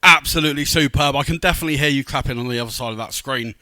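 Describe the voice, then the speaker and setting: A man with a British accent hosting as comedy club MC, hyping up each act with loud, upbeat announcements. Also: medium pitch, very fast, dry recording. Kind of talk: hyping up acts between sets. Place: hosting live from the club venue.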